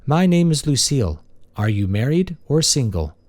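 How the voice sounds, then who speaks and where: A man voicing a polite female maintenance robot with a warm, pleasant, literal-minded manner. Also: mid-range voice, sing-song, normal speed, dry recording, pitched above the performer's own voice, close to an everyday voice. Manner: courteous and literal.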